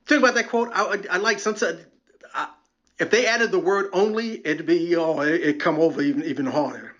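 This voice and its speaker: A man's voice: fairly high pitch, a little fast, fairly bright tone, lo-fi sound. A man hosting a solo podcast, quoting scripture and joking wryly in a preachy way. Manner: preachy, wry, quotes scripture and jokes. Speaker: podcast host.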